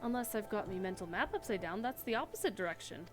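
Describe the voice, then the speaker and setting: A plain-spoken country rancher woman from a game talks in folksy, dry phrasing, voiced by a woman reading along. Her pitch is middling. Faint music runs behind her. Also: animated, fast, natural voice. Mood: wry.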